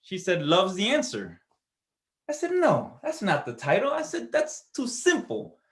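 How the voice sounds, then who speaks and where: A man's voice: sits high, wildly swooping pitch, moderate pace. A man speaking as a guest at a church service, walking listeners through a personal story. His voice sits well above the usual male range, and he keeps it conversational and earnest.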